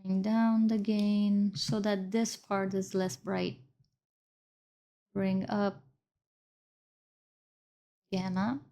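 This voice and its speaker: A woman instructor narrates a screen-recorded editing lesson. Her voice sits at a middle pitch. She explains each step as she goes and stops to correct her own slips. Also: little pitch movement, very slow, long pauses, dark tone.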